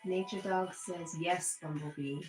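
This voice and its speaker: Speaking a little slowly in a fairly low, evenly intoned voice, a woman reads her viewers' chat messages aloud and responds during a casual livestream. The room sounds echoey, with faint music playing behind her.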